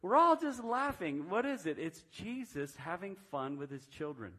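A man's voice: sits high, big pitch swings, moderate pace, a bit bright. A man in his fifties telling a personal testimony during a sermon, in a conversational storytelling manner with frequent restarts. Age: 50s. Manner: self-described reserved personality. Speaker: preacher.

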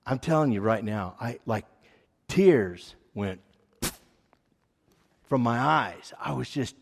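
A man's voice: medium pitch, animated, slow pace, gravelly, husky. A man giving an earnest, rambling personal testimony as a sermon. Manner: rambling, earnest storytelling with frequent fillers. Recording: echoey hall reverb.

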